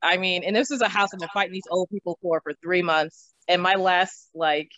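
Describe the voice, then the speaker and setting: A young woman telling stories from her own life in an interview. She is animated, laughs often and swears casually. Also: fairly low pitch, fairly quick, dry recording. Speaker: interview guest. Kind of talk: casual storytelling. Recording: slightly dull, dry recording.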